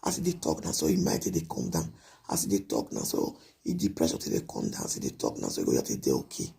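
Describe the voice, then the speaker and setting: A man's voice: rumbling low, sing-song, fast talker, creaky, mellow, slightly rough. A man giving a repetitive, scolding late-night monologue to his viewers on a live video.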